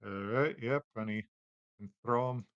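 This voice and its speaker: Man, game master, tabletop narration, relaxed, filler-heavy, dry close sound. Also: mid-range voice, a little slow, clean tone, no echo, dull audio.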